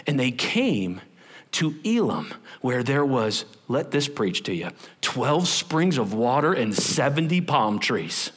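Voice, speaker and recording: Animated male pastor preaching. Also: mid-range voice, slow, slightly rough. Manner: animated and humorous, acting out scenes. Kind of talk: sermon.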